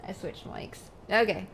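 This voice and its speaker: Gravelly-voiced woman streamer chatting. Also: mid-range voice, a little mellow, slight background noise. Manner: rambling, swears casually. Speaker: game streamer. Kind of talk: casual live-stream chat.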